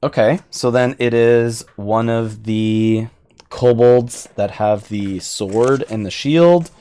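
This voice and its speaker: Man, game master, slow unhurried narration, mid-pitched voice, casual. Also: warm tone, clean tone.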